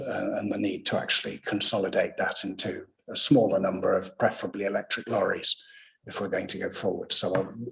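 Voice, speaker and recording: Brief: man, committee chair, gravelly low voice, courteous and long-winded. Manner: courteous, wordy, calls on speakers. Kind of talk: chairing a council meeting.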